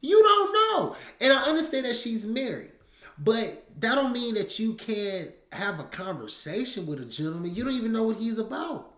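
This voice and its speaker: A man's voice: sits high, lively intonation, moderate pace, a bit bright. A man hosting a reaction video, giving blunt, slangy commentary straight to his viewers. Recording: roomy echo.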